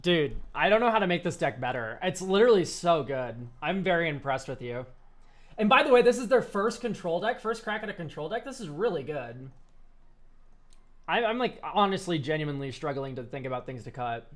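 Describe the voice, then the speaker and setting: A man streaming live and reviewing viewers' card decks, excitable and quick to laugh, swearing casually. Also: a little high. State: choked up, near tears.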